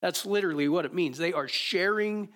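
A man's voice: high voice, fairly quick, fairly bright tone. A man preaching a sermon as pastor, in a conversational way with rhetorical questions.

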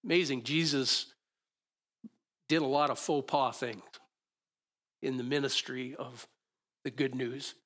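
A man's voice: mid-range voice, steady tone, measured pace, pauses often, fairly bright tone. A man preaching a sermon in a conversational, musing way, often restarting his sentences.

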